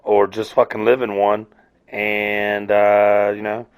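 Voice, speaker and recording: A man's voice: on the low side, completely flat delivery, takes it slowly, clean tone. A man hosting a casual solo rant, rambling and swearing freely, laughing at himself. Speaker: podcast host.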